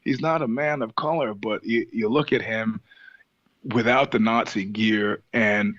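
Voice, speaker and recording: A man with a fairly low voice tells stories as a podcast guest, lively and profane, often breaking into laughter. The sound is dry and a little dull, like a modest remote recording. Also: a little slow, no echo. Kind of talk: casual storytelling interview.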